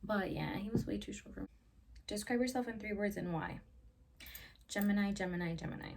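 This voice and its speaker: A vlogger in her twenties answers questions to camera, telling stories in a gravelly, mid-range voice at a fairly quick clip. She says "like" constantly and swears often. Her voice sits a little distant from the mic, with faint ambient noise behind it.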